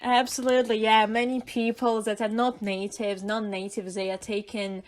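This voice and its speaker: A woman's voice: on the high side, level tone, normal speed. A young woman with a Russian accent co-hosting a podcast in casual chat, hesitant with many fillers and laughs. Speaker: podcast co-host.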